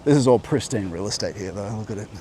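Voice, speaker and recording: A man's voice: lowish voice, expressive, quick pace, dark tone, a little hiss or hum. A man talking to camera while walking a coastal path outdoors, musing and rambling, often breaking off mid-thought. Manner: rambling, musing, self-interrupting. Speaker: host. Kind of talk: walking vlog monologue. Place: outdoor coastal walk by a beach. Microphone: clip-on mic.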